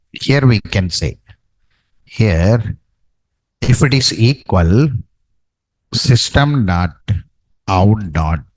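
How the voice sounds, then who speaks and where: Man, programming teacher, slow dictation, low voice, dry. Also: dry recording, poor audio. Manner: dictates code slowly, repeats "okay, right" and tag "no?". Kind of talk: live coding lesson.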